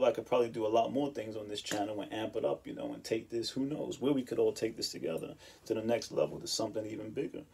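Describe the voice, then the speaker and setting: Raspy laid-back man telling stories. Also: medium pitch, a little mellow. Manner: laid-back storytelling, laughs often, says "man" and "you know". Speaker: channel host. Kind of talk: casual monologue vlog. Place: home in Japan.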